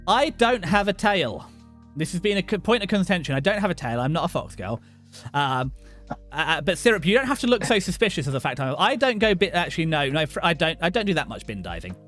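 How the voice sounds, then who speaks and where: Brief: young British man, rapid rambling stream host, slightly high voice, faint music under. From Britain. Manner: rambling, excitable, jokey with many restarts. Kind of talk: casual livestream chat.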